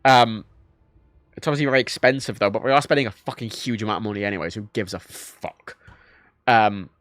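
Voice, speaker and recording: An Irish man with an Irish accent streams a game, chatting casually and swearing freely in animated, rambling commentary. His voice is fairly low-pitched and brisk, with no room sound.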